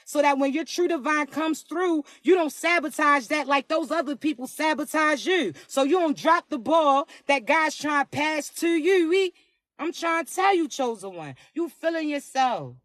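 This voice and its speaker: A woman with a raspy voice giving a casual spiritual reading to camera, slangy and emphatic, often asking "you heard me". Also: high voice, animated, moderate pace, dry recording. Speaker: spiritual card reader.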